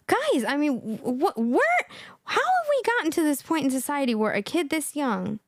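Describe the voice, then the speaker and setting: High, lively woman live-stream host. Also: no echo, studio quality. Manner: laughing, repeats herself, incredulous. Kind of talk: reaction commentary.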